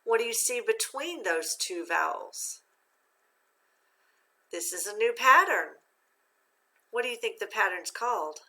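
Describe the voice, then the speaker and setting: A woman with a bright, clear voice leads a reading lesson at an even teacher's pace. She asks simple questions, waits, then confirms the answers patiently. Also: medium pitch, a little slow, pauses often, rough recording. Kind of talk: phonics lesson for young learners.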